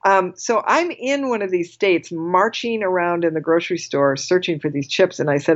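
A woman guest telling a personal story in casual conversation, animated and quick to laugh, often restarting her sentences. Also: on the low side, lo-fi sound.

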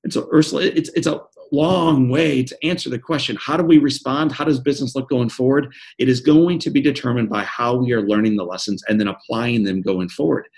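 A man's voice: mid-range voice, a little fast, vocal fry, hardly any pauses, darkish tone. A man in his forties, an author being interviewed, who answers with earnest, vivid anecdotes and often repeats words. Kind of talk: interview conversation.

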